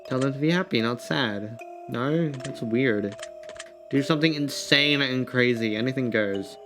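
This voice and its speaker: A male streamer chats his way through a personality quiz, rambling and laughing as he thinks out loud. His voice sits at an ordinary middle pitch. Soft music plays faintly underneath. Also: a little slow. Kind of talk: casual live-stream chat, reading quiz questions aloud.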